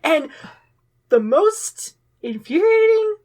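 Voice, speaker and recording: A woman's voice: extremely high pitch, sing-song, slow pace, darkish tone. A woman co-hosting a podcast, recapping a movie's plot in casual chat, agreeing often and acting out lines as she retells them. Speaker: podcast co-host.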